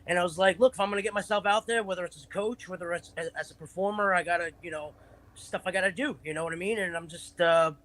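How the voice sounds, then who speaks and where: A man from Long Island with a New York accent, a guest chatting on a live video call show, animated and self-promoting. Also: sits high, quick pace, rough recording. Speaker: guest, pro wrestling trainer. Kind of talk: casual live show chat.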